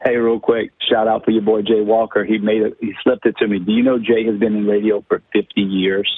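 Husky Cajun-accented man on a phone line. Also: on the low side, level tone, brisk, no echo. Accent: south Louisiana Cajun. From south Louisiana. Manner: folksy, joking. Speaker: guest, baseball commentator. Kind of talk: casual chat on a call-in.

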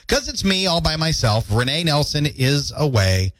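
A man's voice: medium pitch, moderate pace, hardly any pauses, no echo, faint music behind. A man hosting a radio morning show alone, reading listener posts aloud with playful jokes. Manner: playful, animated, jokey delivery. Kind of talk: solo radio host reading listener comments. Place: radio studio. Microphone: studio microphone.

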